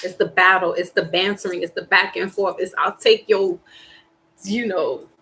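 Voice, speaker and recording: Animated rambling woman streamer. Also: fairly low pitch, normal speed, slight background noise, rough recording. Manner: animated and rambling, with sighs and laughs; slangy and emphatic. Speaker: tarot reader and live stream host. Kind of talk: casual live stream chat.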